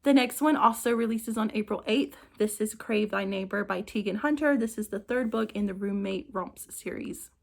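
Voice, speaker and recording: A woman's voice: mid-range voice, normal speed, creaky, hardly any pauses. Woman summarizing new romance novels. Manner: reads summaries evenly with small restarts. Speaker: book reviewer. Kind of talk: reading book blurbs to camera.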